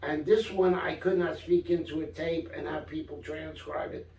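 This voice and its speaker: As the guest in a casual storytelling interview, an older author from Brooklyn, New York, talks at normal speed in a slightly high voice. He recounts his life with animation, performing the dialogue he quotes; the mic is distant and the room echoes.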